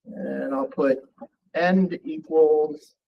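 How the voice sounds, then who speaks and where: A man with a voice on the high side talks extremely slowly with vocal fry, captured in lo-fi sound. He's teaching a college programming class in a live coding lecture, relaxed and thinking aloud as he types and runs code.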